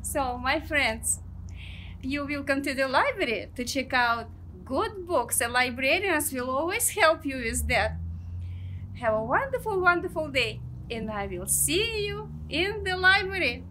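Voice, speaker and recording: A woman librarian reads a picture book aloud to young children in a very high, lively voice. She takes her time and speaks gently. A faint noise sits behind her. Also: unhurried.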